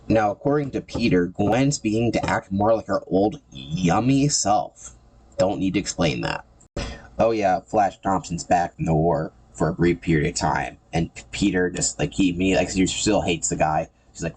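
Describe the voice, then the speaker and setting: A man's voice: low voice, expressive, normal speed, husky. A man giving casual, sarcastic commentary on a comic book series, often repeating words as he goes.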